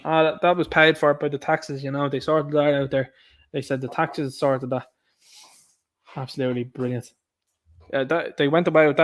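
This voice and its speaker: A man hosting a livestream, chatting casually and reading out viewers' comments and answering them. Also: medium pitch. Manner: chatty, talks back to chat comments. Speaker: livestream host.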